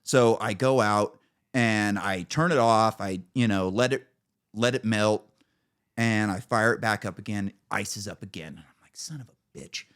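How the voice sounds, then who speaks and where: A middle-aged man with a hoarse throat, telling a profane story as podcast co-host. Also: on the low side, unhurried, a bit bright. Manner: profane storytelling, acts out quotes. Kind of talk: casual chat.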